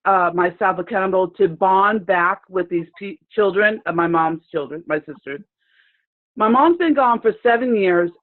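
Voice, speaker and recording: Woman telling a story over a tinny call. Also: mid-range voice. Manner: rambling, halting, with many restarts. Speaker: participant sharing a story. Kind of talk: emotional personal storytelling. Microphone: video call. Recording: tinny phone-like video call audio.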